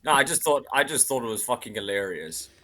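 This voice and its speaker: Bright, punchy comedian. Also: male voice, mid-range voice, expressive, brisk. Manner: emphatic, repeats phrases, builds up jokes. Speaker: comedian panelist. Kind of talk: comedic riffing.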